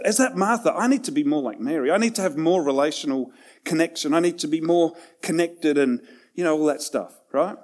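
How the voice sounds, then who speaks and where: A man preaching a sermon in a conversational way, with self-deprecating asides, swinging between loud and hushed passages. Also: on the high side. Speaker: pastor.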